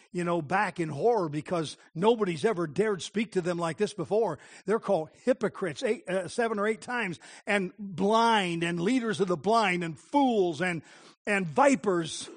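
A man preaching a sermon as pastor, impassioned, moving from hushed tones to crying out. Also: high-pitched.

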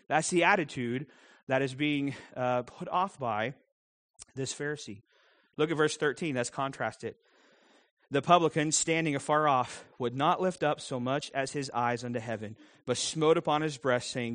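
A man's voice: fairly high pitch, normal speed, a bit bright. A middle-aged man preaching a sermon in a conversational way, with self-deprecating humor. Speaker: pastor.

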